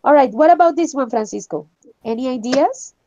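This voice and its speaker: High-voiced woman teaching English. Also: animated, brisk, warm tone, dull audio. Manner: encouraging, laughs often. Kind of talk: online English class.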